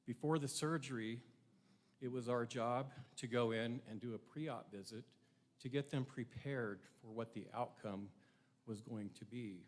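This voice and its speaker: A middle-aged man delivers a prepared ceremony speech in an unhurried, mid-range voice. He sounds earnest and reflective, putting rhetorical questions to his audience.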